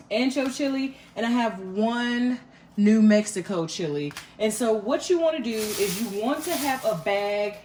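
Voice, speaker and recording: A cooking vlogger with a high-side, darkish voice chats through a home cooking demonstration, telling stories in a folksy way full of fillers. She sits far from the mic, which is set back in a room with roomy echo and faint background noise.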